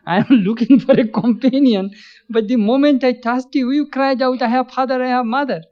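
A man's voice: sits high, moderate pace, lo-fi sound, close to an everyday voice. A man telling of a teasing old saint. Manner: joking, laughing while speaking. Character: playful older male saint, lonely and teasing.

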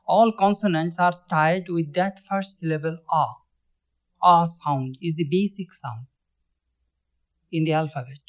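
A man teaching scripture as a swami, giving a measured spiritual talk and often restarting his words. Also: a little high, steady tone. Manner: measured, thoughtful pacing with frequent restarts. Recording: dull lo-fi recording.

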